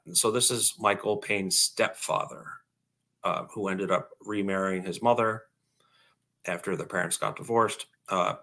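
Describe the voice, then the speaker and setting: A man's voice: fairly low pitch, pushed and bright. A man co-hosting a casual podcast, reading a bio aloud with lots of ums, uhs and restarts. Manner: reads aloud with frequent fillers and restarts. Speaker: podcast co-host.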